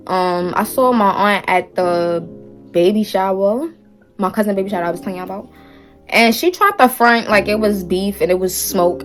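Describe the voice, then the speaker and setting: A young woman vlogger telling a family story in a casual, sassy way, full of slang. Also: mid-range voice.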